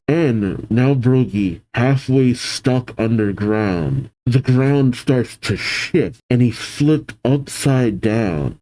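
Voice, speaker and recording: Animated man reacting to manga, dark tone. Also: mid-range voice, poor audio. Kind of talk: reading manga aloud with reactions.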